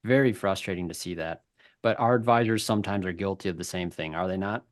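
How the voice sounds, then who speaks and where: A man with a somewhat low voice hosts a webinar conversation. He talks in a loose, chatty way and breaks into laughter as he tells stories. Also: fast talker. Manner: chatty storyteller, laughs often. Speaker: webinar host.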